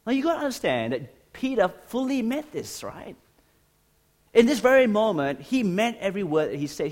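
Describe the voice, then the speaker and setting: A man preaching a sermon, animated and emphatic, speaking directly to his listeners. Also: sits high, moderate pace. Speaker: pastor.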